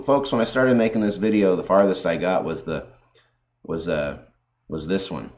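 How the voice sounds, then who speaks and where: A man with a lowish voice rants at his viewers in combative commentary. He is sarcastic and swears constantly as he argues his points. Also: fairly even intonation, moderate pace, darkish tone. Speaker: video host. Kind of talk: profane ranting commentary.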